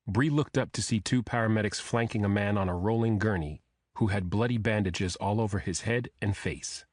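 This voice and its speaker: A man's voice: lowish voice, moderate pace, darkish tone, no echo. Dry-voiced male thriller narrator. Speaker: audiobook narrator.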